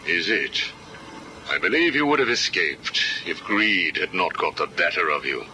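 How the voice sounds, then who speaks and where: An actor playing a cold, calculating villain psychiatrist who questions his prisoner in a slow, measured, coolly menacing way. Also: low-pitched, lively intonation, pushed and bright, slight background noise, full character voice. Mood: menacing calm. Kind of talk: video game cutscene acting. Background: background music.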